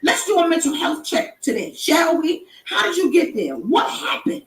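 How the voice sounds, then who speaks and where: A woman preaching encouragement on a live stream in a high voice, hammering points home with repetition and sudden shouted lines. She sounds a little away from the mic in an echoey room. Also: huge pitch swings, moderate pace, distant mic, a little hiss or hum. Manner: emphatic, repeating, rising to shouts. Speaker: inspirational live-stream host. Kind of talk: preaching-style motivational talk.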